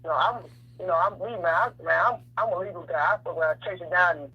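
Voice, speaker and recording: A man calling in to a talk show, talking casually and fast, tripping over his words and restarting a lot. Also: high voice, a loud crowd. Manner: rapid, stammering, restarts a lot. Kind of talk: casual chat. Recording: dull lo-fi line with noise.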